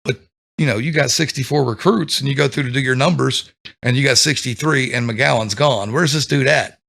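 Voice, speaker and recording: A man's voice: medium pitch, a little fast, gravelly, fairly bright tone. A middle-aged man, a former drill instructor, telling blunt, profane stories in casual chat. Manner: blunt, profane storytelling with laughter.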